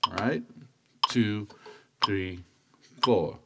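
A man teaching a stringed-instrument lesson, calmly counting beats and chanting strokes. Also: lowish voice, extremely slow, gravelly. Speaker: music teacher. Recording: loud instrument playing under voice. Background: cavaquinho playing.

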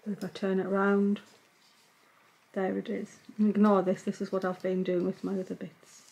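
A woman gives a knitting tutorial, narrating each stitch as she works. Her voice sits in a middle pitch, and she speaks in a calm, patient way. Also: moderate pace, vocal fry, rough recording. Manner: calm, patient, talks while working. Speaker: knitting teacher. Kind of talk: step-by-step craft tutorial.

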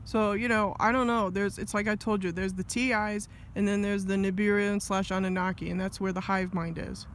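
This angry man's high, fairly bright voice carries a rambling vlog monologue, brisk and level in tone with hardly a pause. He repeatedly breaks off for asides and begins his sentences again, over a faint hiss.

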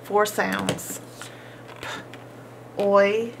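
A woman's gravelly, medium-pitched voice stays fairly flat in pitch, with a faint hiss or hum in the recording. She is giving a slow, deliberate phonics lesson, patiently sounding out each word and encouragingly repeating it.

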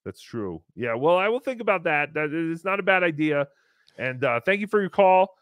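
Male call-in podcast host, fairly high voice, dry close mic, wry and rambling with casual swearing. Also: very animated, normal speed, a bit bright, clean tone, dry recording. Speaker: podcast host taking calls.

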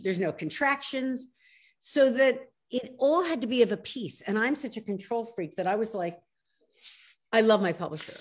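An older woman from South Philadelphia speaks with a clear Philadelphia accent, her pitch sitting mid-range. She talks in an animated, emphatic rush, leaning hard on key words. It sounds like a video call interview. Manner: animated, emphatic, quick to laugh at herself. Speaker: author guest. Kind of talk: casual interview chat.

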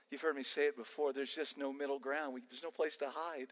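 An older man with an American accent preaching a sermon, animated and emphatic with casual asides. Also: mid-range voice, a little fast, hardly any pauses. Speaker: pastor. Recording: long church-hall reverb.

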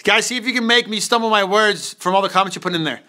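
A man in his thirties, a dad hosting a live family toy stream from home, chatting loosely with his kids and reading viewer comments fast, joking and tripping over his words. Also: high-pitched, sharp tone. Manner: loose, joking, reads comments quickly and stumbles. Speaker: family channel host, dad. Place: home, indoors.

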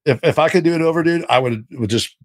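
A man as a podcast guest telling a story casually, animated and rambling with many restarts. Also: fairly high pitch, fast, no echo.

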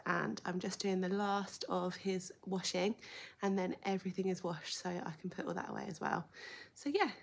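Husky woman, chatty vlog. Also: medium pitch. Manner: casual, lots of ums, drifts into soft whispers. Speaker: vlogger. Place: home, indoors.

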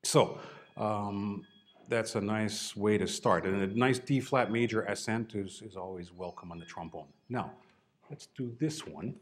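A man's voice: on the low side, unhurried. A man teaching a trombone masterclass, coaching a student with short, encouraging cues and dry humor.

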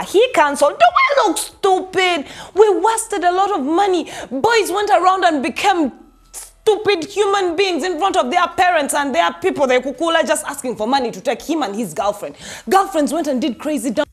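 Sassy high-voiced woman gossip host. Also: expressive, normal speed. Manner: sarcastic, laughing, talks straight to viewers. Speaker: entertainment news host. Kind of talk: sassy celebrity gossip commentary.

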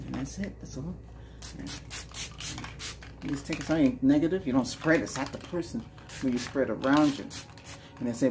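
A man hosting a Reiki healing session, chanting slow, soft repeated lines and then rambling in loose, chatty talk. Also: medium pitch, soft background music. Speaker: Reiki healer and channel host.

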